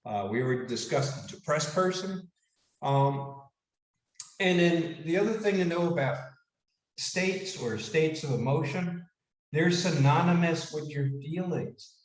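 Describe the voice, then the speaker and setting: An animated man gives a casual motivational lecture and throws questions at his listeners. His voice sits a little high for a man. He is recorded from some distance in an echoey room. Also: measured pace. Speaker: speaker giving a leadership talk.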